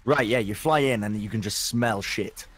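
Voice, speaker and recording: A young man telling a story in casual chat, animated and sweary, with lots of stumbling restarts. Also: lowish voice, moderate pace, breathy edge. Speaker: podcast co-host.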